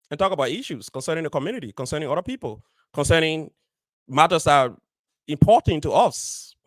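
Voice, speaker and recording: An adult radio host, married, speaks directly to the audience of his community show, using firm emphasis and repeating important phrases. His voice is fairly high and a bit bright, recorded without echo.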